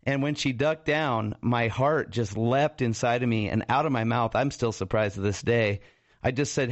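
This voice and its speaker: A man's voice: mid-range voice, normal speed, no echo. A pastor and radio co-host telling his life story in a radio interview, laughing often and acting out the voices of people in it.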